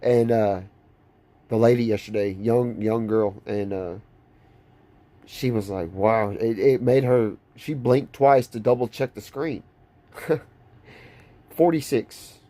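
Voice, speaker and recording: A man's voice: medium pitch, steady tone, unhurried, dark tone. A young man talking straight to camera in a casual vlog, rambling and intense, with many restarts. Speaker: vlogger.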